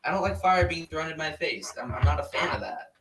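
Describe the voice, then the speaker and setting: A man hosts a podcast in loose, joking chat, his bright voice swinging up and down as he rambles. The sound is roomy and echoing. He sits some distance from the microphone. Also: on the high side, expressive, brisk. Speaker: podcast host. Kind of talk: casual chat. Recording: echoey room, off-mic.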